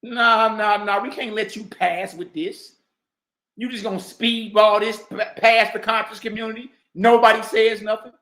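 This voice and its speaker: A man giving heated, mocking reaction commentary, repeating himself and bursting into shouts. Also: sits high, level tone, moderate pace. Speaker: online commentator. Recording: roomy echo.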